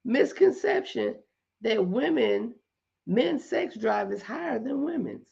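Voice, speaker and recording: A middle-aged woman hosting a casual live chat with her viewers, talking in an animated way, repeating points for emphasis and laughing often. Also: fairly high pitch, measured pace, gravelly, husky, muffled recording. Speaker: host.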